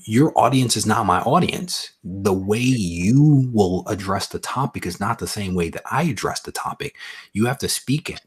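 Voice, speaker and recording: A man's voice: deep voice, husky. A man talking casually on a live comics stream, joking and then speaking earnestly about consistency. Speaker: guest YouTuber.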